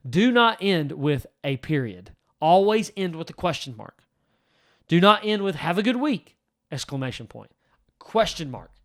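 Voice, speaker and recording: Casting: male pastor, slightly higher voice, blunt coaching delivery. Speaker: lead pastor teaching church leaders. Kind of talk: direct-to-camera teaching talk.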